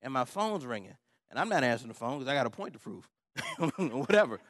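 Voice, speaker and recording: A man's voice: medium pitch, big pitch swings, fairly quick, dry recording, clean studio sound. Laughing, storytelling male preacher. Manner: conversational, humorous, laughs often. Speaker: pastor. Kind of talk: sermon with personal storytelling.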